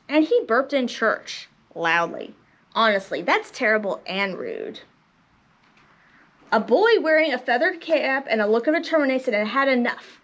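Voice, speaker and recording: A woman librarian reads picture books aloud for young children. Her voice is high and very lively, rising and falling as she tells the story expressively.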